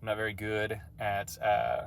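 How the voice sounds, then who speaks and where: A man's voice: lowish voice, little pitch movement, a little slow, gravelly, slight background noise. A man casually recapping a tabletop game session as game master, rambling and self-deprecating.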